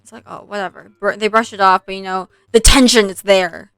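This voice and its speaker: Streaming a game, a young woman speaks fairly quickly in a medium, steady voice that's a bit bright and smooth, with no room sound. She chats casually, retells a film between plays, fills her talk with likes and ums, and swears at the game.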